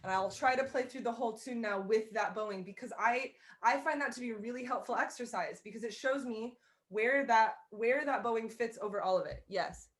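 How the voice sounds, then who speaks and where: A woman's voice: fairly high pitch, brisk. A woman teaching a fiddle class over a video call, explaining in a chatty way and often restarting and rephrasing as she goes. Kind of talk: online music lesson, casual explaining.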